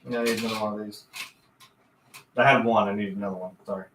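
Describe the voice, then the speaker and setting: A man's voice: fairly low pitch, steady tone, quick pace, recorded from a distance, noisy background. Joking young man, off-mic in echoey room. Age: young adult. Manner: joking, teasing. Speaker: streamer. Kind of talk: casual live-stream chat.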